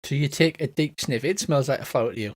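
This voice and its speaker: A man's voice: medium pitch, fast, slightly rough. A man running a tabletop game as game master, narrating with rambling fillers.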